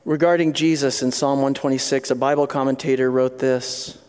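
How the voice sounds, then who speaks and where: A man's voice: medium pitch, steady tone, normal speed, hardly any pauses, a little mellow. A male pastor preaching a sermon in an earnest, conversational storytelling manner. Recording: long hall reverb.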